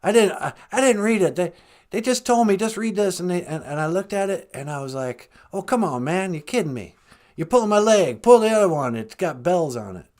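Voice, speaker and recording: Man impersonating a rambling old president, mumbly, trailing off, pitch jumping up and down, comic podcast bit. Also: animated, fairly quick, darkish tone. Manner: mumbling, trailing off, easily sidetracked. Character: rambling elderly male president, mumbling and confused.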